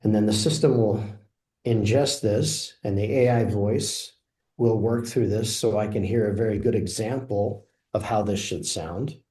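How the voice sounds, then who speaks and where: A man presenting a pronunciation course and demonstrating software, explaining steadily and saying phrases aloud. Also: fairly low pitch, measured pace. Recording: echoey room.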